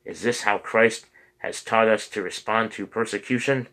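A man's voice: lowish voice, moderate pace, fairly bright tone, lightly acted, poor audio. A man reading the lines of an earnest priest who pleads with his congregation for peace. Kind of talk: audiobook character reading.

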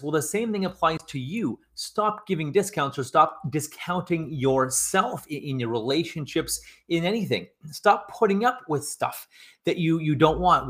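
A man's voice: fairly high pitch, a bit bright. A man speaking off the cuff as a motivational speaker, emphatic and repetitive, stacking short commands with frequent stammered restarts. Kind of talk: unscripted motivational monologue.

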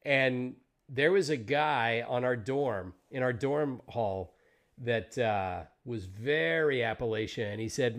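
A man's voice: mid-range voice, slow, fairly bright tone. A man from the Southern United States hosting a live-streamed podcast interview, chatting casually and joking with viewers. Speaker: podcast host.

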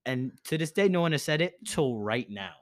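A young man hosting a podcast, telling a party story in a casual, animated way, with lots of filler words and some swearing. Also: mid-range voice, fairly quick. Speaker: podcast host. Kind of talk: casual chat.

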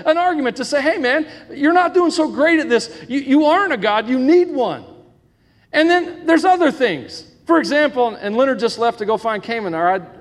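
High-voiced joking pastor in reverberant church. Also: male voice. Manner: joking, asks the congregation questions. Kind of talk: sermon. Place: church sanctuary with congregation. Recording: long echo of a church hall.

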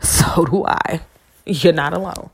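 Low gravelly woman podcast host. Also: slow pace. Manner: rambling, profane and encouraging. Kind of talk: casual motivational monologue. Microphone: podcast microphone.

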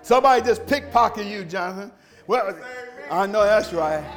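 Man, pastor, sermon in church, high pitched, call-and-response, shouting at times. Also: animated, moderate pace, faint music behind. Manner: plain folksy speech, coaxing the congregation. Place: church sanctuary.

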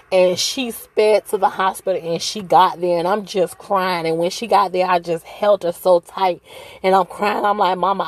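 Woman, somewhat low pitch, emotional first-person storyteller, casual and full of fillers. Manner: conversational and emotional, with many fillers. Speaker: mother and hospital worker.

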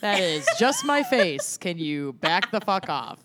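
Brash woman, lowish voice. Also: big pitch swings, unhurried, noisy background. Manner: brash, sarcastic banter. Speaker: podcast co-host. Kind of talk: casual chat.

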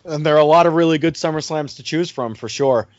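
A man's voice: fairly high pitch, fast talker, no echo, dull audio. A man co-hosting a casual podcast review, talking loosely with lots of "I mean" and "like". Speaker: podcast co-host and wrestling promoter.

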